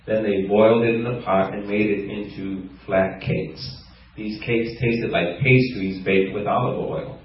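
Male preacher, scripture reading plus lively asides, distant mic in a roomy hall. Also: measured pace. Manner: laughs often, animated rises in pitch when stressing points; reads scripture aloud in a lower, steadier voice. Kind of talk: sermon. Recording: echoey hall, far from mic, dull sound.

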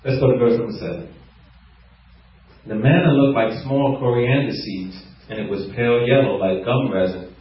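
Male preacher, scripture reading plus lively asides, distant mic in a roomy hall. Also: normal speed. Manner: laughs often, animated rises in pitch when stressing points; reads scripture aloud in a lower, steadier voice. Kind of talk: sermon. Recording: echoey hall, far from mic, dull sound.

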